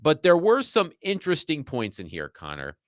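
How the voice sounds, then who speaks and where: Lively-voiced man hosting sports radio. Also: fairly high pitch, moderate pace, no echo, studio quality. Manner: animated, self-described nerd who enjoys digging into numbers.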